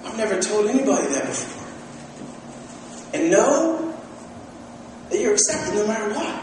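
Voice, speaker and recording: A man's voice: high-pitched, moderate pace, slight background noise. A young adult man preaching a sermon as pastor, telling stories animatedly and acting out quotes. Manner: animated storytelling with acted-out quotes. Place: church sanctuary. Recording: echoey hall from far off.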